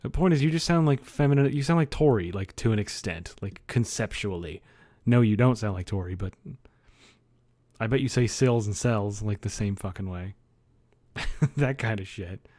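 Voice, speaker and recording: A man's voice: lowish voice, moderate pace, a little mellow. A young man streamer in casual livestream chat, joking and laughing often.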